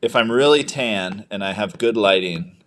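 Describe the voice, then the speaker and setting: A man's voice: fairly low pitch, normal speed, a bit bright, slight background noise. A young man co-hosting a casual livestream, joking around and reading viewer comments aloud. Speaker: livestream co-host, new father.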